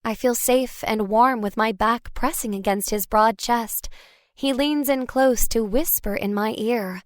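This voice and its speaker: A woman tells a first-person story in scripted audiobook narration with a higher, light voice. Her delivery is expressive and wry. The recording is dry and close, with no room around her. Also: measured pace, dry recording.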